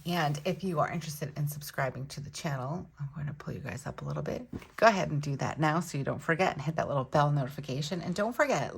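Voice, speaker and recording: A woman in her thirties talks casually to her viewers, rambling through her week with frequent ums. Her voice sits low for a woman, with a gravelly edge and a husky grain. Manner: chatty, warm-hearted, many ums. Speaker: planner channel host. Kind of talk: casual chat.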